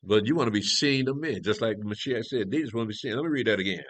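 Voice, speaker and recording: Low-voiced man teaching scripture. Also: lively intonation, quick pace, a bit bright, no room sound. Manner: conversational, restarts often, asks rhetorical questions. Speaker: elder teaching a prophecy class.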